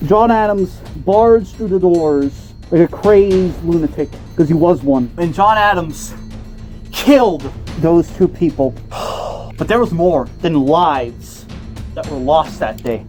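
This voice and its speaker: A young man telling a satirical mock-conspiracy story in a mock-serious, ranting way, swinging from loud outbursts to hushed asides. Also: on the high side. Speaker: comedy video narrator.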